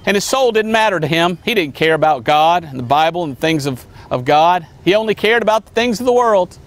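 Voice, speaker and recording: A high-voiced male evangelist delivers a sermon. He preaches emphatically, leaping up on exclamations and sinking low to drive points home. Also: lively intonation, a little fast. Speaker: missionary evangelist.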